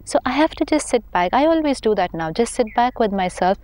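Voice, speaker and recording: Indian woman, spiritual teacher, calm explanatory conversational delivery. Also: fairly high pitch, fairly quick. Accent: Indian English. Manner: patient, explanatory, gently emphatic.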